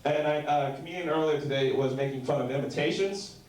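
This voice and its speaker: A young man doing a stand-up set with a slightly high voice, heard from back in a very echoey club room. He tells rambling deadpan stories and now and then bursts into shouted bits. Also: fast talker, distant mic. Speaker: stand-up comedian. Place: comedy club stage.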